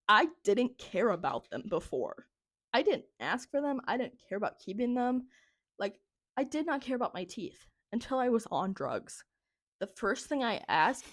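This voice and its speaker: A young woman at a mid-pitched, everyday level tells a rambling story, scattering "like" through her sentences and laughing often. Her voice is close and dry, with almost no room sound. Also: no room sound. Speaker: podcast co-host. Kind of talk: casual storytelling chat.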